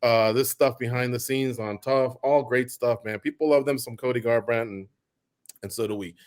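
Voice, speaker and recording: A man's voice: mid-range voice, steady tone, moderate pace, darkish tone. A male radio host with a mid-range voice talks in a chatty, easygoing way. He strings his questions out at length and rambles a little before getting to the point. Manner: chatty, long winding questions. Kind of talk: interview questions and wrap-up.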